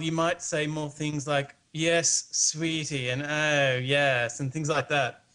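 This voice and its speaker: A man from Australia with an Australian accent, a guest in a casual late-night chat, hesitant, with many fillers, laughing easily. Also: medium pitch.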